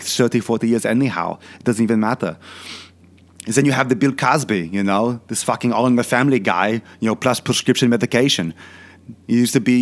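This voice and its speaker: Here the fitness channel host uses his natural, medium-pitched voice to impersonate a crude, bragging older Austrian bodybuilder who became a film star. The comedic rant comes in a thick fake Austrian accent and keeps circling back to repetitive filler questions.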